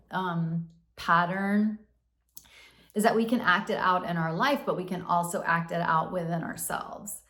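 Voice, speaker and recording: A woman hosting a casual self-help talk, candid and swearing freely, acting out the inner voices she describes. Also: lowish voice. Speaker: podcast host. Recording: roomy echo.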